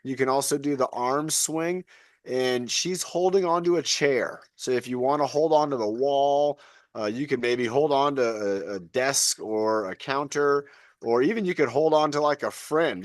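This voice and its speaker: A man's voice: mid-range voice, normal speed, no echo, studio quality. Upbeat man coaching a fitness class. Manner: encouraging, chatty. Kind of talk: live online fitness class. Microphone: video call.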